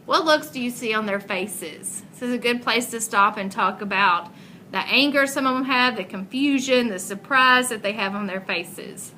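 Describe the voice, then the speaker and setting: A woman teacher reading a picture book aloud expressively and pausing to ask guiding questions. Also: on the high side, sharp tone, slight background noise, poor audio.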